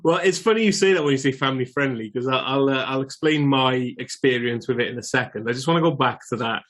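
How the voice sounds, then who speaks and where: A man's voice: mid-range voice, fast, fairly bright tone. A man in his forties co-hosting a podcast, chatting casually with restarts and the odd swear. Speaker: podcast co-host. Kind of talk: casual chat.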